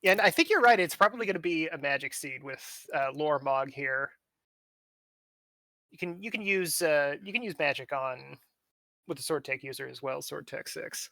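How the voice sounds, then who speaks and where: A man's voice: a little high, normal speed, vocal fry, pushed and bright, dry recording. A man commentating a charity game stream, laid-back and laughing often.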